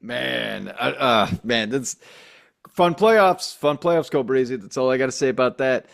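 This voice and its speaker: A man's voice: mid-range voice, lively intonation, unhurried, vocal fry. A man co-hosting a sports podcast, talking loosely with stumbles, restarts and frequent laughs. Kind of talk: casual sports banter.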